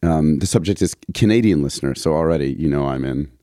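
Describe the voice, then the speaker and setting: A man's voice: extremely low pitch, quick pace, dark tone, dry recording, clean studio sound. A man hosting a podcast, chatting playfully, laughing often and poking fun at himself. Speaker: podcast host. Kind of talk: casual chat.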